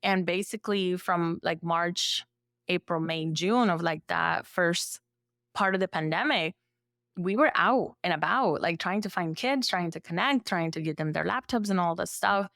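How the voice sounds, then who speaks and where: A woman therapist from El Salvador, speaking as a podcast guest in a relaxed storytelling way, full of "like" fillers and lively acted-out quotes. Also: on the low side, moderate pace, gravelly, dry recording, studio quality. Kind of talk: conversational storytelling.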